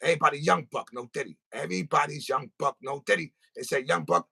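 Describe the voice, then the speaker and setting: A man hosting a podcast and ranting in an animated, comic way. His voice is gravelly and husky with a bright, forceful edge. His pitch swings widely. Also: quick pace. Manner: animated, profane, comic storytelling. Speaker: podcast host. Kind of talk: casual podcast rant. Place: studio.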